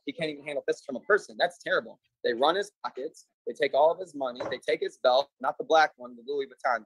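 A man's voice: mid-range voice, fairly bright tone, poor audio. A man speaking as a defendant over a video call, telling a long joke in a meandering, filler-heavy way. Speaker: defendant in a court hearing. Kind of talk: rambling joke storytelling.

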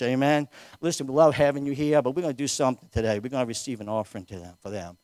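A man's voice: mid-range voice, very fast, darkish tone, dry recording. A man, a local pastor taking an offering and praying fervently, repeating amen often. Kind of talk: sermon offering and prayer. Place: church sanctuary.

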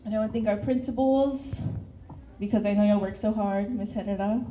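Nervous and teary, a Texan-accented teen girl who captains her cheer squad delivers a thank-you speech, with laughter slipping in between words. She speaks briskly in a warm, medium-pitched voice, recorded in an echoey room with slight background noise.

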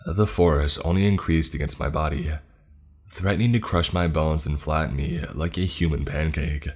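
A man narrating a scripted horror story in the first person, with measured, dramatic storytelling. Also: very deep voice, steady tone, a little mellow. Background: faint music.

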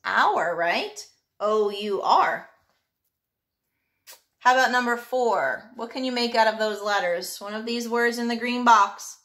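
Slow, bright-voiced woman teaching phonics. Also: fairly high pitch. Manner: slow, patient, sounds out letters. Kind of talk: reading a phonics workbook lesson to a child.

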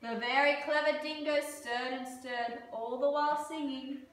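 Slow woman reading a picture book. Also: high voice, slight background noise. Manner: slow, expressive, playful. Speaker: storyteller reading to preschoolers. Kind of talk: picture-book read-aloud. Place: preschool room. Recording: echoey room from far off.

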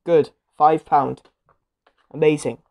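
A woman giving casual commentary while she plays a game show video game, reacting loudly to each result and getting easily annoyed. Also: low-pitched, steady tone, takes it slowly, creaky.

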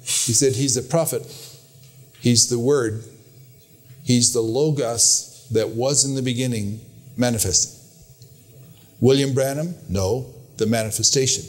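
An older man delivers a sermon at a middle pitch. He talks earnestly and with emphasis, and he tells stories along the way. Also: unhurried, long pauses. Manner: storytelling, quoting with raised pitch, earnest and emphatic. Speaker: preacher.

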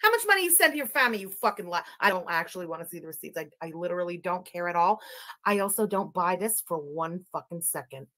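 A woman's voice: on the low side, very animated, fast talker, pushed and bright. A woman doing profane, mocking reaction commentary, ranting at the clips she plays. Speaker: commentary streamer.

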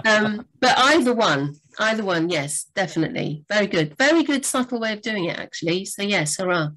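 A woman co-hosting a live writing Q&A, chatty and rambling, with sudden lively jumps in pitch. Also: fairly quick. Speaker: book editor and co-host. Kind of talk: live Q&A chat.

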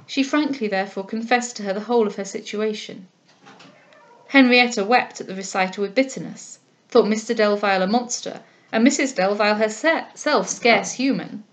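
A woman reading a classic novel aloud in a steady, measured storytelling voice. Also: on the high side. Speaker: audiobook reader.

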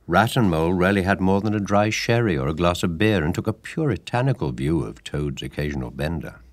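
A man narrating a storybook audiobook in a measured, lively storytelling manner. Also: low-pitched, dry recording, clean studio sound.

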